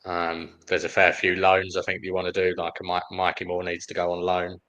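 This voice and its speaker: A man as a panel guest, giving measured, analytical points in a casual football discussion. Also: sits low, completely flat delivery, fairly bright tone, poor audio.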